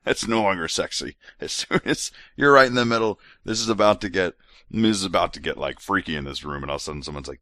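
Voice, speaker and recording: A man's voice: low-pitched, a little fast, dry recording, clean studio sound. A tipsy man hosting a podcast, joking wryly through scripture commentary. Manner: joking, wry, animated asides. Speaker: podcast host.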